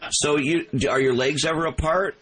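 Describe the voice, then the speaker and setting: A man's voice: fairly high pitch, fairly even intonation, normal speed, a loud crowd, rough recording. A man co-hosting a radio show, teasing and pushy with leering questions. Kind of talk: brash morning radio banter.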